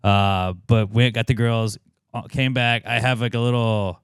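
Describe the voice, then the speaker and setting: A man's voice: mid-range voice, steady tone, measured pace, smooth, no echo, clean studio sound. A man in his thirties, co-hosting a podcast, who tells rambling, profane stories full of filler words in casual chat. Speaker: podcast co-host.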